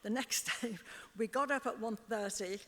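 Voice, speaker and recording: A woman's voice: on the high side, normal speed, sharp tone. An older woman with a Liverpool accent, telling stories as an interview guest on stage and often laughing as she acts out what others said. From Liverpool, England. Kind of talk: storytelling on stage. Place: club stage before an audience. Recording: long hall reverb.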